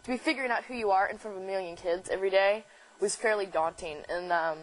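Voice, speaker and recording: A young woman chatting as a talk show guest. She tells stories with animated energy and acts out her own reactions. Her voice sits at a middling pitch. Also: quick pace, poor audio. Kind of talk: casual chat.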